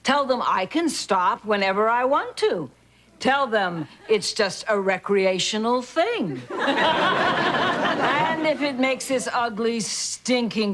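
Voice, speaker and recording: An actress playing a bitter, fed-up suburban housewife in a sitcom, with a sneering, caustic delivery. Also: female voice, medium pitch, fairly bright tone, slight background noise. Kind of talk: sitcom acting.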